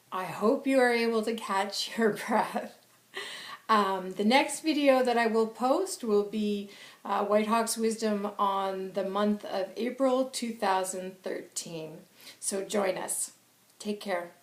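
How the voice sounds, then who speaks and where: A woman giving an intuitive spiritual reading, passing on her spirit guide's messages in a halting, soft-spoken way. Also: mid-range voice, reverberant. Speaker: intuitive reader.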